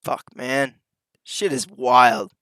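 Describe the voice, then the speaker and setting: A man's voice: mid-range voice, extremely slow, fairly bright tone, no room sound. A man chiming in on news clips with profane, mocking remarks. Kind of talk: reaction commentary.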